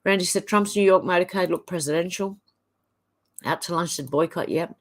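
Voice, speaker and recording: A woman's voice: fairly low pitch, normal speed. An Australian woman hosting a livestream, reading viewers' comments aloud one after another and adding short offhand remarks. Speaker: livestream host. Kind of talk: casual livestream chat reading.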